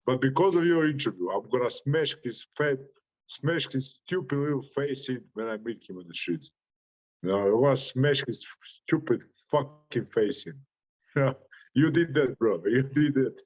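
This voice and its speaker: A man's voice: mid-range voice, expressive, unhurried, darkish tone, muffled recording. A man with a Croatian accent, a boxer giving an interview full of brash, profane trash talk and frequent laughs. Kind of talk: interview reaction.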